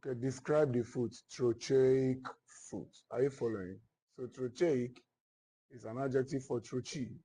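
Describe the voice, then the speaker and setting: A man teaching literature in a classroom, slowly repeating each point and often checking whether his students follow. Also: mid-range voice, steady tone, mellow, slightly rough, poor audio. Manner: slow, repetitive, checks understanding often. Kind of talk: classroom lecture.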